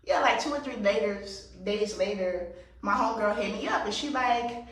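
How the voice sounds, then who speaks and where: In a casual get-ready-with-me vlog, a woman tells a story in a blunt, profane, emphatic way. Her medium-pitched voice moves at a moderate pace and sounds distant from the mic in a very echoey room.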